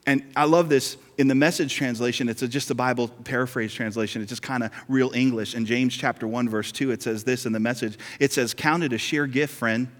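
A man's voice: mid-range voice, fairly even intonation, fairly quick, hardly any pauses. A male pastor preaching a sermon in a conversational, joking way, repeating key lines. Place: church sanctuary. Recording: hall reverb.

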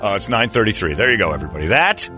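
A man hosting a morning rock radio show, telling stories in a blunt, animated way. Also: fairly low pitch, rapid-fire, music in the background. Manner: blunt, storytelling, animated retelling. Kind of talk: casual talk radio banter. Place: radio studio. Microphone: studio mic. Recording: dry close studio sound.

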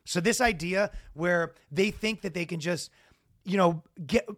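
Man, podcast co-host, casual profane chat, slightly high pitch, dry sound. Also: unhurried, no room sound. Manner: rambling, profane, animated with loud impressions.

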